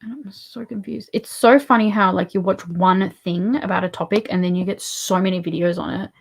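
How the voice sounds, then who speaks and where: An Australian woman hosting a casual livestream, soft-spoken and rambling, often dropping to a murmur. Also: medium pitch, a little fast, gravelly. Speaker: livestream host.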